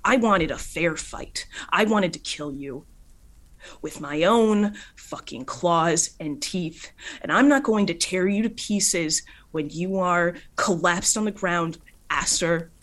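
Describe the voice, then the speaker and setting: Brief: woman playing fierce young female brawler, higher and louder than her narration, cursing, indignant. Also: animated, takes it slowly, pauses often, breathy edge, exaggerated voice. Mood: furious.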